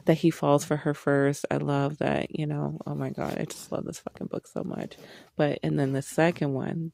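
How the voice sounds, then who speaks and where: A woman giving a casual book review vlog, excitable and gushing, swearing freely as she talks. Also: deep voice, creaky, no room sound.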